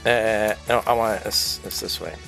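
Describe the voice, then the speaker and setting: A man's voice: lowish voice, moderate pace, vocal fry, fairly bright tone, soft background music. A man hosting a stream, chatting casually in a rambling, sweary way and laughing often. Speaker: streamer host. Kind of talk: casual chat.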